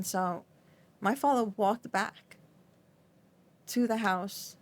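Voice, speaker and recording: A middle-aged woman talking as a podcast guest, her voice shaky as she recounts something painful, often halting, restarting and filling with "like". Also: mid-range voice. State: shaky, trembling. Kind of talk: emotional interview recollection.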